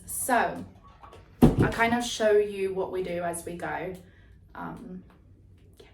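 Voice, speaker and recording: A young woman chatting casually to her phone camera for a vlog, lively and a little rambling, using casual slang. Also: lowish voice, slow, vocal fry, pauses often, far from the mic. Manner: chatty, excitable, says "proper" and "bear with". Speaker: vlogger. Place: outdoors by the sea, then an apartment kitchen. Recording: echoey with loud background noise.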